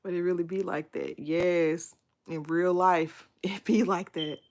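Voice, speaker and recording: Young woman on her phone live, chatty and animated, talkin to viewers like friends. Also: fairly low pitch, unhurried. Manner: baby talk to her little son. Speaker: livestream host. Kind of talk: casual livestream chat.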